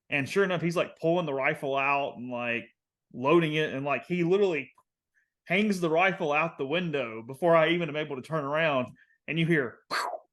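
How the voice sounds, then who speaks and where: A young man with a Southern American accent, casually telling a long story on a podcast, rambling with lots of fillers and getting animated. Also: medium pitch. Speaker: podcast co-host.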